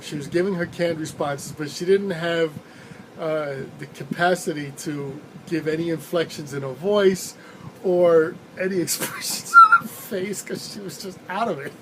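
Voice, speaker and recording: A man's voice: fairly high pitch, background noise. A male rideshare driver casually telling a rambling story, chuckling now and then as he goes. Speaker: rideshare driver and channel host.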